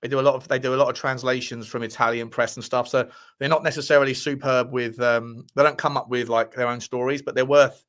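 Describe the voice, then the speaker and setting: A man's voice: mid-range voice, fairly even intonation, quick pace, a bit bright. A man hosting a casual live football stream, bantering and repeating his phrases with some swearing. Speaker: football podcast host.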